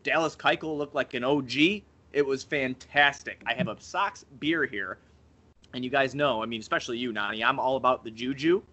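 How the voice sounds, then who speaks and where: Bright-voiced rambling podcast guy. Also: mid-range voice, moderate pace. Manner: rambling, giggly, profane. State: tipsy. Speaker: podcast co-host. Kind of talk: casual sports podcast chat.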